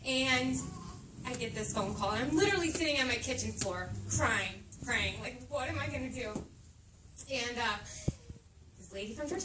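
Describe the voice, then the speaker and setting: A woman's voice: on the high side, animated, normal speed. A woman in her thirties giving a heartfelt, emotional faith testimony to a group in a meeting room. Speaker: speaker sharing her testimony. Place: meeting room at a moms' camp. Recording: echoey room, distant mic, background noise.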